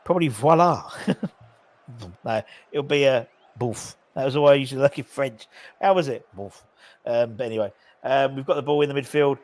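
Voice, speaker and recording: A man's voice: medium pitch, brisk, darkish tone, no room sound. A jokey, chatty man in a mid-range voice, talking through a football match live as it happens. He calls the passes loosely, trades banter with viewers and reads out their messages between the action. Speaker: host of a live match watchalong. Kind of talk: casual live commentary and chat reading.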